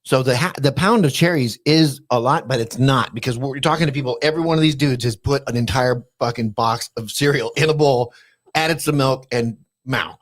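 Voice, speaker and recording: A man's voice: mid-range voice, brisk. A man co-hosting a podcast in casual chat, teasing his co-host with profane banter.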